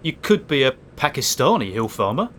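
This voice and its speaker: An actor playing a sceptical, deadpan man who needles the others with dry, sardonic questions. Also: medium pitch, fairly quick, a little hiss or hum. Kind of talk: sitcom acting.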